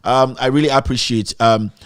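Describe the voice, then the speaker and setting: A man's voice: medium pitch, steady tone, normal speed, no room sound, clean studio sound. A Ghanaian man hosting an online live show, greeting viewers by name, then ranting animatedly in a mix of English and Twi. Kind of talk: casual live-stream commentary.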